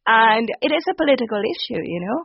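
A Jamaican children's author gives radio interview answers in a fast, highish voice with lively intonation. She's warm and enthusiastic and laughs often, heard close and dry with no echo in dull lo-fi broadcast audio.

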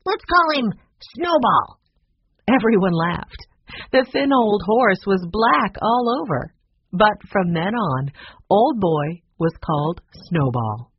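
Husky audiobook storyteller. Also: medium pitch, expressive, takes it slowly, highs cut off. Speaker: narrator. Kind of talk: audiobook narration of a children's novel.

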